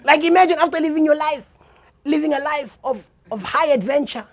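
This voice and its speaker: On a comedy theater stage, a young South African man performs stand-up, acting out scenes in animated storytelling. His voice is extremely high and brisk, and the sound is lo-fi.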